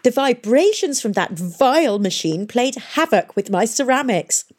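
A woman voicing a fretful old male historian in a storybook reading, with a high, quavering whine. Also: big pitch swings, measured pace. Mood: whining dismay.

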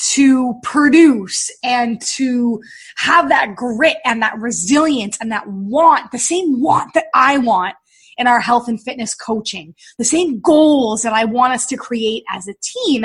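A middle-aged woman, a podcast host and fitness coach, telling a personal story in an animated way and acting out the dialogue. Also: fairly high pitch, husky. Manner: animated, acts out quoted dialogue.

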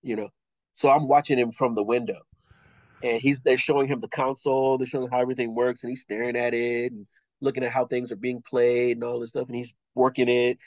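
A middle-aged actor, appearing as an interview guest, casually tells a long story, animatedly acting out what people said with lots of "I was like." His mid-range voice is brisk, with no room sound and a lo-fi quality.

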